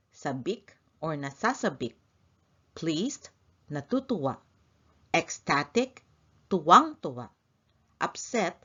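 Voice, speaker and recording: Lady teaching words slow and clear, pitch bouncing around a lot, kinda dull lo-fi sound. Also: fairly bright tone. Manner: slow, deliberate, clear enunciation of vocabulary. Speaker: language teacher. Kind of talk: scripted language lesson.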